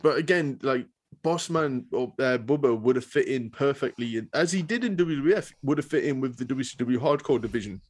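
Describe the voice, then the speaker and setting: A man chatting casually as a podcast co-host, animated and swearing, acting out what others said. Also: mid-range voice, fairly quick. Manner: animated storyteller, swears, acts out quotes. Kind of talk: casual wrestling chat.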